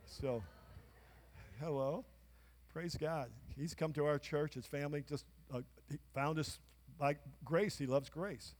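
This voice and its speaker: A man pastor preaching a sermon in a church, his voice pitched high. He speaks emphatically and calls out to the congregation for answers. Long reverb fills the large sanctuary. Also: unhurried. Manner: emphatic preaching with call-and-response.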